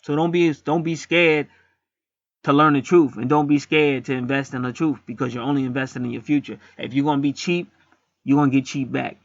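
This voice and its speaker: A man's voice: medium pitch, steady tone, fairly quick, vocal fry, no room sound, dull audio. A middle-aged man acting as a spiritual reader, talking bluntly in a casual streetwise monologue and swearing freely.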